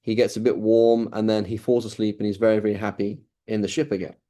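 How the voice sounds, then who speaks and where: Middle-aged guy teaching a class, kinda low warm voice, lots of um and right and restarts. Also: flat delivery, fast talker. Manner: casual, conversational, with many fillers and restarts. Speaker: Islamic studies teacher. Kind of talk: informal lecture.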